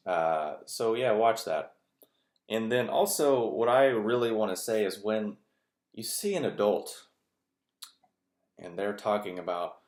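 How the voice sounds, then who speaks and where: A man's voice: lowish voice, slow, pauses often, a little mellow. A man talking in a casual, rambling monologue with lots of fillers. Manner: rambling, filler-heavy, conversational. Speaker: video host. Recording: echoey room.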